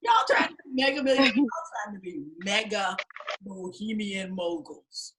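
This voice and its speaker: A woman's voice: medium pitch, animated, moderate pace, noisy background. A woman teaching an acting class, telling blunt, profane stories and acting out the people she quotes. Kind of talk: class talk to students.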